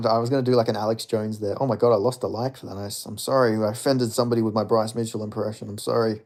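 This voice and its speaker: A man's voice: on the low side, fairly even intonation, fast, few pauses, darkish tone. Rambling male livestreamer. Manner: rambling, reads chat aloud, jokingly apologetic. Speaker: livestream host. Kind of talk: casual livestream chat about fighting.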